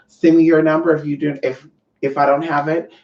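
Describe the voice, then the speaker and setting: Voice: mid-range voice, a little fast, vocal fry. A Californian host ranting on a livestream, swearing freely and chatting straight to viewers. The voice sits in a middle register and echoes around the room. The sound is dull and lo-fi. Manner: profane, animated, chatty with viewers. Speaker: livestream host running online classes. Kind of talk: casual livestream rant.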